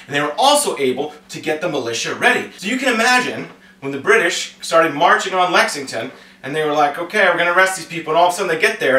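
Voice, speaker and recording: A man teaching history in a casual, playful way, acting out quick comic voices as he explains. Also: fairly high pitch, bright, forceful tone. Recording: echoey room, voice from a distance.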